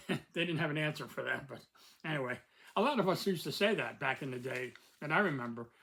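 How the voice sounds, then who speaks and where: An older American man hosting a casual review talk. He rambles along with plenty of ums and restarts, his voice sitting a little high for a man. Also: lively intonation, fairly quick, creaky, fairly bright tone, poor audio. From United States. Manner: rambling, many fillers and restarts. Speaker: host.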